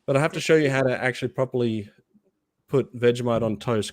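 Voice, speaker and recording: A man's voice: medium pitch, normal speed, no room sound, clean studio sound. An Australian man chatting casually as co-host, talking easily and laughing often. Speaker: podcast co-host. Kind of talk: casual chat.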